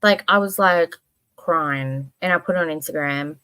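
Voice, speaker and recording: With a low, smooth, somewhat bright voice at a moderate pace, a woman hosts a laid-back livestream. She rambles with lots of expression, lets a casual swear slip here and there, and now and then reads chat comments aloud.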